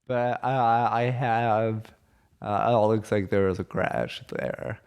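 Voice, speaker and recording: A man's voice: on the low side, fairly even intonation, takes it slowly, a little mellow, clean tone. A young man co-hosting a comedy podcast, chatting casually and rambling with many restarts and fillers. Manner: rambling, hesitant, full of restarts.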